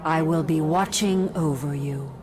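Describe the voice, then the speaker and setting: An actress voicing a regal Daedric goddess who speaks slowly, solemnly and formally in a video game. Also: female voice, low voice, noisy background. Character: regal female Daedric goddess, calm and commanding.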